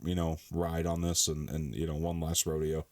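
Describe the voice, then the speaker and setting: A man's voice: a bass voice, completely flat delivery, moderate pace, darkish tone, dry recording. A man co-hosting a podcast, chatting casually and rambling with lots of fillers and frequent laughs. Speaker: podcast co-host. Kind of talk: casual chat.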